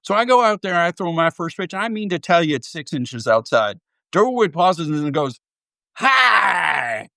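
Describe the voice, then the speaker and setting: A man doing an impression of a retired star pitcher, an older man with a Southern US drawl telling a folksy, animated yarn. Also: moderate pace, dry recording, studio quality. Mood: amused. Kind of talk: impression within an interview.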